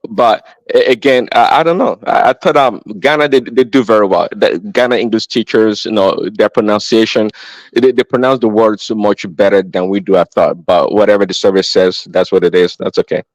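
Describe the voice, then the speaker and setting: A man speaking as a guest in a casual discussion, relaxed and hesitant, with many fillers. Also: on the low side, brisk, no echo, poor audio. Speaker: panel guest.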